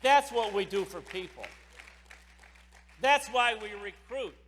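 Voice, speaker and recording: Speaking slowly in a high-pitched, slightly bright voice, a man gives an impassioned keynote at a sales convention, repeating phrases for emphasis. Echoey hall reverb, a faint crowd and slight background noise can be heard.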